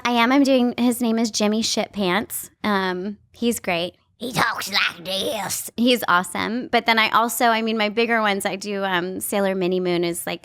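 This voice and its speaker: A woman in her thirties from Canada, a guest on a podcast, chatting in a playful and animated way. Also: mid-range voice, vocal fry, dry recording. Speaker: guest, actress and voice actor. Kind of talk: casual podcast chat.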